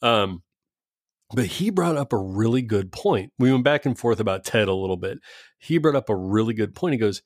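A man in casual, profane political chat, animated and swearing freely. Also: fairly low pitch, dry recording, studio quality. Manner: animated, swearing, quick mock impressions.

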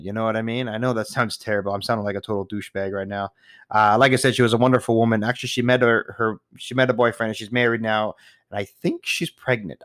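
A man's voice: medium pitch, fairly bright tone, no echo, studio quality. A man casually telling personal dating stories, rambling with frequent restarts and the odd swear word. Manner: rambling, with repeated restarts and laughs. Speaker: storyteller. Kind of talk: casual storytelling monologue.

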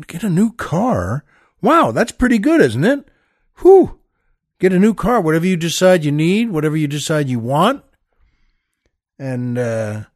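A man's voice: fairly high pitch, a little mellow, dry recording, studio quality. An older man hosting a podcast, telling stories in a casual, rambling way, with many "uh"s and restarts, and calling his listeners "folks.". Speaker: podcast host. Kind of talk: casual storytelling monologue.

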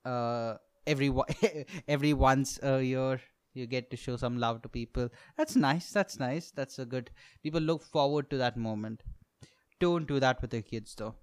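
Profane ranting young man, smooth voice. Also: medium pitch, fairly even intonation, moderate pace, no room sound, clean studio sound. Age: 20s. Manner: profane ranting, laughs at own jokes, sudden loud outbursts. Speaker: podcast host, stand-up comedian. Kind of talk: solo comedic monologue.

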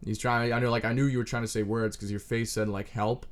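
A young man in his twenties with a medium-pitched voice rattles quickly through a crude, self-deprecating, scattered comedy riff. His delivery is flat apart from sudden loud outbursts.

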